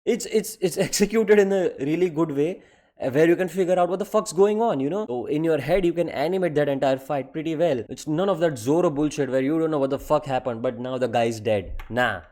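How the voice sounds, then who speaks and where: A man's voice: fairly high pitch, a little fast, mellow. A man delivering a profane, exasperated comedic rant. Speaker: anime commentary creator.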